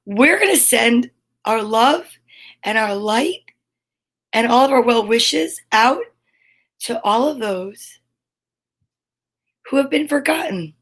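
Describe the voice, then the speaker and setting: Hosting a kids' story time show, a woman chats casually to children in a cheerful, goofy way and reads out long lists of names. Her fairly high voice is animated and a bit bright, and she speaks slowly with long pauses.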